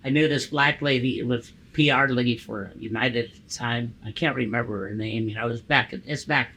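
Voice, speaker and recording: A man in his sixties, a podcast guest, telling profane, animated stories in casual conversation and acting out the dialogue. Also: mid-range voice, fairly quick, slight background noise, poor audio. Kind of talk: casual storytelling interview.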